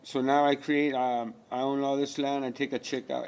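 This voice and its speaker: A man's voice: medium pitch, flat delivery, moderate pace, a little mellow, smooth. Man ranting with rhetorical questions. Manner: profane, rhetorical questions, preachy rant. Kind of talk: rambling spiritual monologue.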